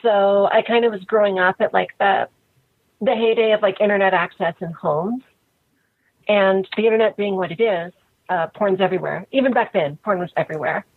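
Husky woman on a tinny phone line. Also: mid-range voice, normal speed, no room sound. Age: 30s. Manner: frank, relaxed, many "like" fillers. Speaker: interview guest. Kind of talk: casual interview talk.

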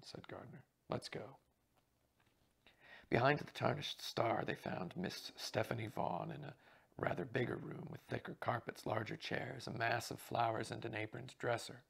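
A man with a gravelly, husky voice, steadily reading a mystery novel aloud. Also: medium pitch. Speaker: audiobook reader.

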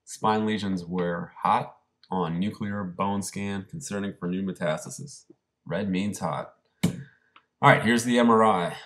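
A man presenting a radiology case, talking through scan findings in a brisk, conversational way. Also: low-pitched, fairly bright tone. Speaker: radiology lecturer. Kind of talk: case review lecture.

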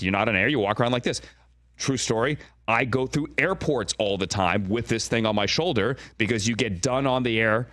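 A middle-aged man talking as a guest in a radio and TV studio. He rambles through stories, slips into quick mock voices, and keeps asking "right?" The sound is close and dry. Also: on the low side, a bit bright, dry recording. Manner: rambling storyteller, mimics on-air voices, frequent "right?". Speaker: guest broadcaster. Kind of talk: animated casual studio chat. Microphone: studio mic with earpiece.

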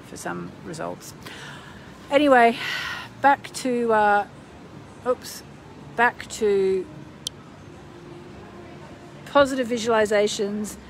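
A chatty woman astrologer talks on a phone live stream, rambling and full of ums, then gushing with enthusiasm. Her voice has a gravelly fry at the edges. Faint noise sits behind her. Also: mid-range voice, rough recording. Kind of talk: casual live-stream chat.

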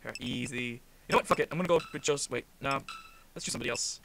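A man commentating a game he is playing, excitable and profane, often shouting at the screen. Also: mid-range voice, racing, gravelly, noisy background. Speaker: gamer. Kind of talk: profane let's-play commentary.

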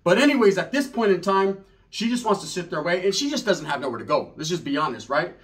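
A man telling a comic story in an animated, profane way, full of street slang and Spanish words. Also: high-pitched, quick pace. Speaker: comedian storyteller.

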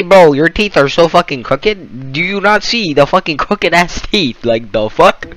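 Profane, mocking young man, bright voice. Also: a little high, expressive, unhurried, few pauses. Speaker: YouTuber reacting to a video. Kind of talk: casual reaction commentary.

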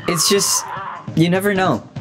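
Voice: medium pitch, steady tone, a little slow. A young adult game streamer giving casual live commentary, laughing often and swearing freely in a teasing way. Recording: game music behind the voice.

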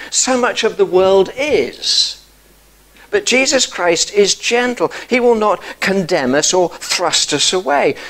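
A man preaching a church sermon, earnest, lifting his voice for emphasis and dropping soft and low for tender passages. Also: poor audio. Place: church service.

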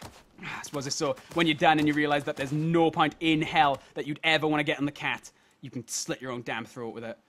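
A young man with a high voice commentates on a game he is playing. He is exasperated, swears a lot and shouts at the screen when things go wrong. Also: steady tone, a little fast, a little hiss or hum. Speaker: gaming video host. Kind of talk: gaming commentary.

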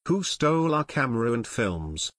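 A man's voice: medium pitch, very animated, moderate pace, fairly bright tone, no echo, studio quality. A man reading a firm young detective. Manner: firm, demanding. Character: determined young male amateur detective.

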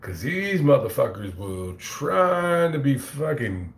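Slow and sing-song, this man's medium-pitched, gravelly voice runs with few pauses in an echoey room. Telling a story to camera as a YouTuber and reading chat, he swears freely, rambles, and stumbles over his words, restarting again and again.

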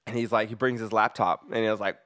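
Man, podcast guest, casual chat, rambling, animated storytelling, laughs often. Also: fairly low pitch, fast talker, dry recording, studio quality. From United States. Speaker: podcast guest, recording artist.

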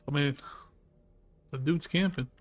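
A man's voice: a little high, unhurried. Laid-back man swearing through gameplay. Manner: loose, profane, chuckling to himself. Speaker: gaming streamer. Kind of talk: casual gameplay commentary.

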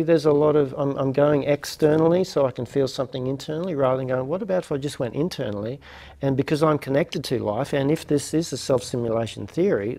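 A man's voice: medium pitch, creaky, warm tone. A man hosting a reflective lecture series, musing aloud with many fillers and restarts. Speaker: host of a non-duality lecture series.

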